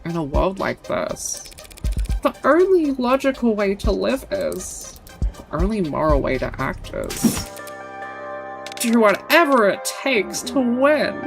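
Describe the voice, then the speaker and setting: A woman's voice: medium pitch, sing-song, takes it slowly, creaky, over music, exaggerated voice. A woman voicing a cynical, defiant outlaw in a dramatic reading of game dialogue, with an intense delivery that builds to a chant. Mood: bitter. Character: cynical, defiant outlaw giving a ruthless speech.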